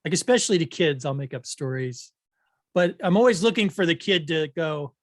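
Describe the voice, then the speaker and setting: A podcast co-host in casual chat, chiming in with relaxed, agreeable remarks and quick affirmations. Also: mid-range voice, no echo, clean studio sound.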